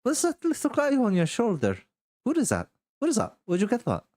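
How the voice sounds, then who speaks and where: A man puts on a bubbly, effusive woman adventurer, pitched far above his own low voice and swinging up and down in lively leaps. She gushes her greetings in a dry, close-sounding voice. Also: a little slow, dry recording, lightly acted. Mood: chirpy. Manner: chirpy, gushing greetings.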